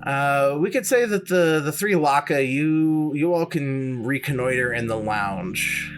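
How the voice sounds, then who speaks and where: Slow male game master, soft guitar underneath. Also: mid-range voice, animated. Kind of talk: narrating a tabletop game.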